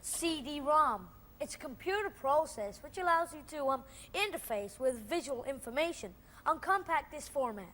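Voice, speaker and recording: Teasing director guest, high voice, blunt and matter-of-fact, noisy clip. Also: female voice, animated, normal speed, few pauses, a bit bright. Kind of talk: TV comedy chat show.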